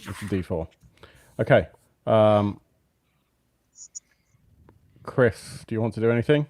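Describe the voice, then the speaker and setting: A man running a tabletop role-playing game as game master, relaxed and hesitant with many fillers. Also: on the low side, takes it slowly. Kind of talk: running a tabletop game over a live stream.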